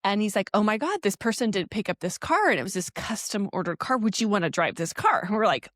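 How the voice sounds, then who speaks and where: A woman's voice: medium pitch, fast talker, dry recording, studio quality. A woman in her forties, a podcast co-host, telling a personal story in casual chat, laughing often and acting out the voices in it. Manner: animated storytelling, laughs often, acts out quoted dialogue.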